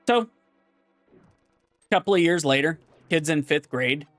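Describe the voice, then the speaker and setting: A man's voice: on the high side, a bit bright, no echo, faint music behind. A man telling a long rambling joke in casual, restart-filled chat while gaming. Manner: casual, repetitive restarts, drawn-out storytelling. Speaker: gaming vlogger.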